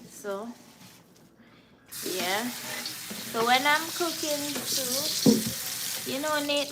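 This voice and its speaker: Speaking slowly in a high voice, this Jamaican woman hosts a cooking livestream, chatting away and answering viewers' comments by name. The audio is noisy.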